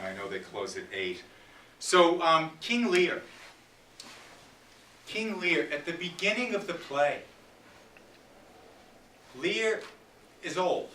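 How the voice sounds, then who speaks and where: Man lecturing, chatty storytelling, bright voice, echoey room from far off. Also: fairly high pitch, very animated, slow pace, pauses often, slight background noise. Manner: chatty, storytelling retelling with asides. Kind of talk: casual public lecture. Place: library meeting room.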